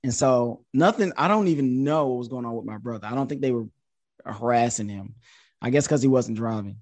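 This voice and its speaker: A man in his thirties, a podcast guest, telling a story in a casual, animated way and jumping up in pitch when he quotes himself. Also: brisk, no echo. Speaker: podcast guest, social media influencer.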